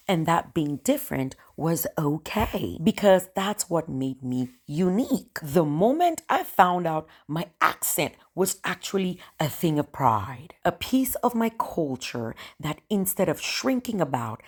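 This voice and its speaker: A woman with a Cameroonian accent tells a personal story straight to her viewers. Her low voice swings widely in pitch, and her delivery is emotional and animated. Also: breathy edge. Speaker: storyteller vlogger.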